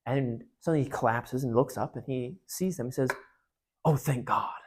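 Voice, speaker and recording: A speaker at a parish gathering retelling a story to a group in a casual, animated way. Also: mid-range voice, a little fast.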